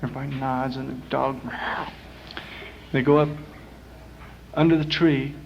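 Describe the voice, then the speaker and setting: A man's voice: medium pitch, little pitch movement, unhurried, gravelly. Man, stage jokester, folksy rambler, muffled live tape from a small club, faint hiss. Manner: rambling, folksy, many uhs. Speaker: performer. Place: small lounge.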